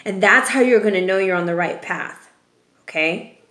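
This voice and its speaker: A woman's voice: mid-range voice, normal speed, bright, forceful tone, a little hiss or hum. A woman giving a casual tarot reading, chatty and profane, often ending remarks with "okay?". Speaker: tarot reader. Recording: roomy echo.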